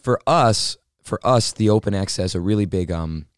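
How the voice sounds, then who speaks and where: Man, low voice, smooth, earnest, filler-heavy casual chat. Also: moderate pace, dry recording, clean studio sound.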